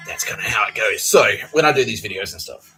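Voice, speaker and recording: A man hosts a podcast and rambles through a comic monologue packed with swearing and "like, yeah" fillers. His voice is very low yet bright and forceful. Faint music plays underneath. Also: animated, fast talker, rough recording. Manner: profane, rambling, full of fillers. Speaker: podcast host.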